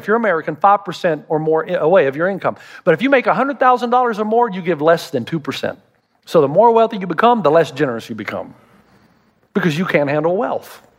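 A middle-aged man delivers a sermon with a voice pitched noticeably high for a man. He teaches like a storyteller, dropping in humor and acting out the people he quotes. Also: long reverb tail. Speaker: pastor.

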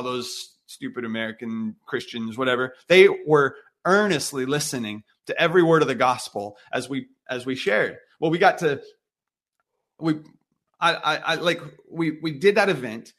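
A man in his thirties, a guest on an interview, telling a story with lively acted-out dialogue. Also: medium pitch, normal speed. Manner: animated storyteller acting out quoted dialogue. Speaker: guest, missionary musician.

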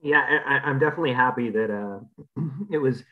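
A man's voice: mid-range voice, brisk. A man hosting a podcast, chatting casually about football and stammering over repeated words. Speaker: podcast host. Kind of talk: casual sports chat. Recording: slightly dull lo-fi.

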